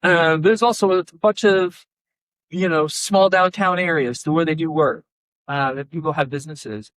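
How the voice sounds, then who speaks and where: A man's voice: a little high, fairly even intonation, normal speed, a bit bright, dry recording. A man, a pastor, giving a conversational workshop talk, animatedly telling stories and acting out both sides of conversations. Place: conference room.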